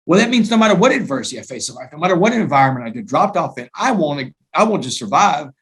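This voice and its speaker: An animated man tells his story as a talk-show guest. His voice sits fairly high, and he keeps pressing his points with emphatic restarts. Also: racing. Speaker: guest author and speaker.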